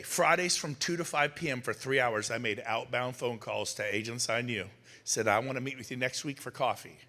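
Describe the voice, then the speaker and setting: A middle-aged man speaking on stage to an audience, telling punchy stories and firing quick questions at the crowd. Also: fairly high pitch, a bit bright. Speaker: motivational speaker. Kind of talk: energetic stage talk to an audience. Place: large hall. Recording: long reverb in a large hall.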